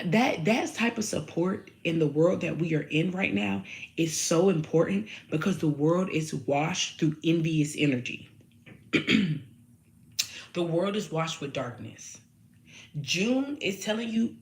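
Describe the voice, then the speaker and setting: A woman giving a casual tarot and astrology reading to her viewers, talking in an animated way, swearing freely and repeating phrases for emphasis. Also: fairly low pitch, unhurried.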